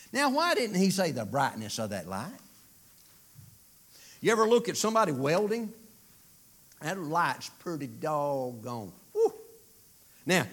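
A man preaching a sermon, swinging from loud declarations to near-whispers with folksy asides. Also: high voice.

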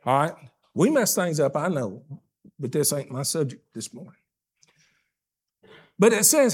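An older man preaching a sermon as pastor, folksy and emphatic, swinging between loud stressed phrases and hushed asides. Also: fairly high pitch, sing-song, measured pace, long pauses, slightly rough.

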